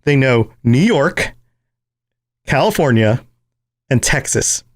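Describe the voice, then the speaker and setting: Animated American podcast host. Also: male voice, medium pitch. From United States. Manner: animated, laughing, quick tangents. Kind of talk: casual podcast chat.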